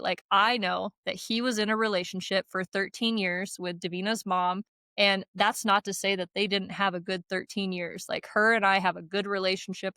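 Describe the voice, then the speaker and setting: A woman's voice: mid-range voice, sharp tone, no echo. A woman co-hosting a podcast in casual chat, blunt and profane, telling stories emphatically with frequent laughs. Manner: emphatic, talks in run-on bursts with fillers like "like" and "right?". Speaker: podcast co-host.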